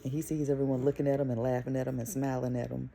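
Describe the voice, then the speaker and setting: A young woman and mother telling a story to camera in a casual, animated, profane way. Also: very deep voice, very fast, vocal fry, a little hiss or hum. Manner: animated, profane, emphatic retelling. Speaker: vlogger and mother.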